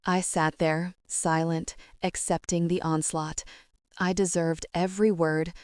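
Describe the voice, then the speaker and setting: A young woman narrating a first-person confession story in a remorseful, measured way. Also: lowish voice, flat delivery, darkish tone, dry recording, studio quality.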